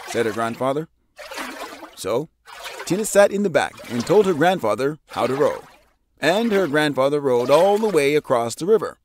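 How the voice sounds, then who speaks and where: Animated man reading a picture book. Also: normal speed, a little hiss or hum. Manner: animated, voices characters with big pitch jumps. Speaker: storybook narrator.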